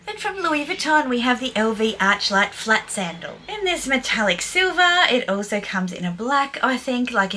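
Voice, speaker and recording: An older woman talks straight to camera with a bright, forward tone. Her commentary is blunt and scathing but playful. A faint hum of the room sits under her voice. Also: mid-range voice. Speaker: vlogger. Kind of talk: opinionated fashion commentary.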